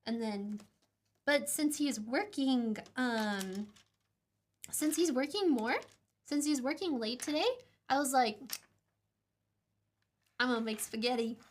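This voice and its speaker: Giggly high-voiced young woman streamer. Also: slow pace, pauses often, slight background noise. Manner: giggly, rambling, self-mocking. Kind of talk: casual chat while soldering.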